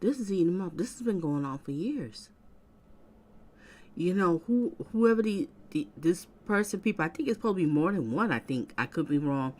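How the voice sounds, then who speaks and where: A woman with a notably low voice hosts a casual commentary channel. She muses aloud in a chatty, loose way, hedging her opinions as she goes. Her tone stays warm toward the person she is talking about. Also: animated, normal speed. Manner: chatty, musing, supportive.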